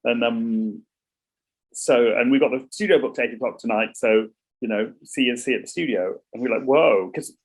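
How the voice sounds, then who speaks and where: A man's voice: mid-range voice, normal speed, slightly rough, poor audio. A middle-aged man, a songwriter talking casually in an interview, rambling with many restarts and repeats. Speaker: songwriter guest.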